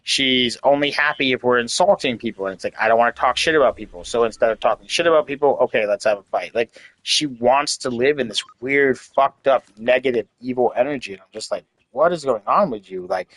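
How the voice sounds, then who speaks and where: A man in his late thirties talks through a frustrating stretch in a loose, rambling way, full of "like" and blunt swearing. His voice sits at an ordinary middle pitch. The sound is dry and close, with no room around it. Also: a little fast, hardly any pauses, fairly bright tone, no echo, poor audio. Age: 30s. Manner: candid, rambling, frequent "like" and swearing. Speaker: host. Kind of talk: casual venting chat.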